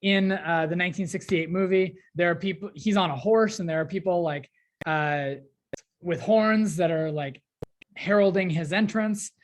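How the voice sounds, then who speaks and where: A woman's voice: lowish voice, moderate pace. A woman teacher casually explaining a play, paraphrasing lines in chatty modern slang.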